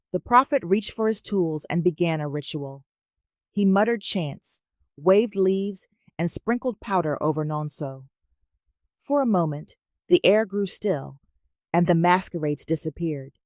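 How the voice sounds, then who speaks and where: A woman telling a folktale at a slow, measured pace in a lowish voice. The recording is close and dry, with no room sound. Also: no room sound. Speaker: narrator. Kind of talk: storytelling narration of a folktale.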